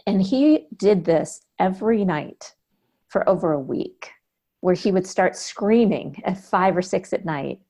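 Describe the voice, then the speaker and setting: A woman's voice: on the low side, expressive, measured pace, mellow. A woman in her fifties, a podcast guest, telling a personal story reflectively, acting out the lines of the people in it. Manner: reflective, vivid storytelling with quoted dialogue.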